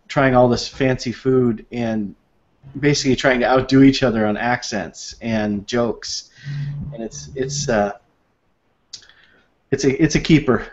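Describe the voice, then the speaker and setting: A man's voice: mid-range voice, a little mellow. Guy telling funny stories on a podcast, laughs a lot, muffled lo-fi audio. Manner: storytelling, laughs often, acts out quoted voices. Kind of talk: casual chat. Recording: dull lo-fi sound.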